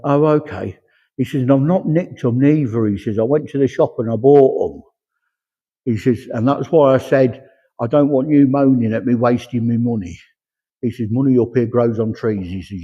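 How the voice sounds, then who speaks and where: A man with a very dark, husky voice relays spirit messages to a congregation, chatty and conversational. He is heard through a long, echoing reverb on a dull, lo-fi recording. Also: medium pitch. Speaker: medium. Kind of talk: platform mediumship demonstration. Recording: echoey hall, dull lo-fi sound.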